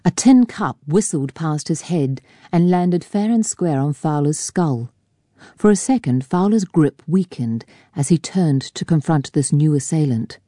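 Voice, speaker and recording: A woman reading a novel aloud in a measured, even narration on a close mic. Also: sits low, no room sound. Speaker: audiobook narrator. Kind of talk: scripted narration.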